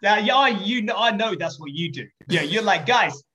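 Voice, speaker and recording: Lively, joking man telling a story. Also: high voice, brisk. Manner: lively, jokey, swears and laughs while telling stories. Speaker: podcast guest, entrepreneur. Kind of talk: animated anecdote telling. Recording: muffled lo-fi recording.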